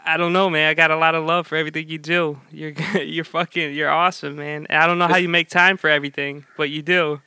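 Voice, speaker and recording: Bright, crisp man gushing to a friend. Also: on the high side, level tone, fast talker, few pauses, dry recording. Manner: earnest, full of "like" fillers. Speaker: podcast co-host. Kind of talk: casual podcast chat.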